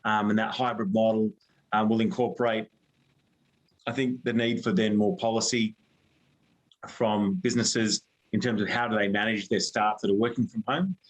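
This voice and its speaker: A man's voice: fairly low pitch, fairly even intonation, normal speed, rough recording. An Australian man, a guest on an interview show, chatting casually and thinking aloud with many fillers and restarts. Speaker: HR firm director, guest.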